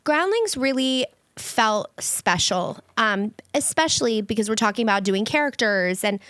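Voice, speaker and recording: A woman comedian chatting as a podcast guest, quick and expressive. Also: fairly high pitch, no room sound, studio quality. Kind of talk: casual chat.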